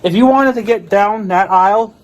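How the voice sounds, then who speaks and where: A man's voice: high voice, moderate pace, a little hiss or hum. A middle-aged man ranting casually on his vlog, swearing often and stumbling over his words. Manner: profane, exasperated, repeats himself and stumbles over words. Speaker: vlogger. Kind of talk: casual angry rant. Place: at home, near his mower and four-wheeler.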